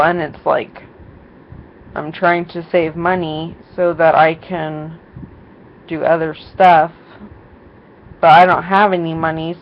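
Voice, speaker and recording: A young woman vlogging casually, rambling through a story with lots of fillers and quoted voices. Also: lowish voice. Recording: dull lo-fi sound with faint noise.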